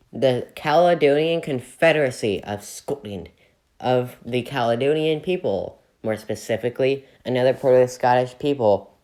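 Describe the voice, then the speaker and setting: A man hosting a comedic history video, narrating with jokey, deadpan asides. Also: mid-range voice. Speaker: video host.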